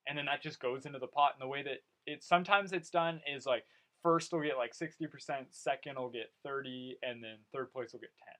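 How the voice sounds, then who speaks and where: A young man hosting a casual podcast, telling stories in an animated way and swearing now and then. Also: medium pitch, brisk, rough recording. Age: young adult. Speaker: podcast host. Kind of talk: casual chat.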